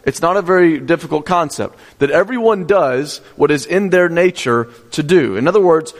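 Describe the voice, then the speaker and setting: Man preaching in a reverberant hall. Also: on the high side. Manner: teaching, asks the audience questions and repeats key points. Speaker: pastor. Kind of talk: sermon.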